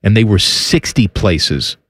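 A man co-hosting a podcast, chatting casually in a teasing, deadpan way. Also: fairly low pitch, takes it slowly, dry recording. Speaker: podcast co-host. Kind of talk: casual chat.

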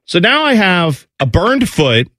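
A man's voice: high-pitched, sing-song, unhurried, a crowd in the background. A man hosting a morning radio show, telling a funny family story with lots of laughter and acted-out voices.

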